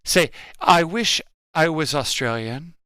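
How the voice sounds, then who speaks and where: Woman, off-camera companion, short dry remarks, very low voice. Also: animated, takes it slowly, a bit bright, no room sound.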